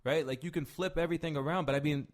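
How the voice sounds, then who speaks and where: Dude ranting on a chill podcast, keeps going "right?", swears a bunch. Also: male voice, fairly high pitch, rapid-fire. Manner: animated, swearing, frequent "right?" tag questions. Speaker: podcast co-host. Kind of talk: casual chat.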